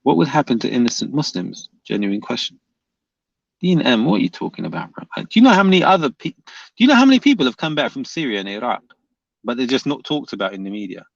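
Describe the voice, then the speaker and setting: Gravelly-voiced man arguing with comments. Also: mid-range voice, wildly swooping pitch, fast, no room sound, muffled recording. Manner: argumentative, repeats questions back at commenters. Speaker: streamer reading viewer comments. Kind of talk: live comment-reading debate.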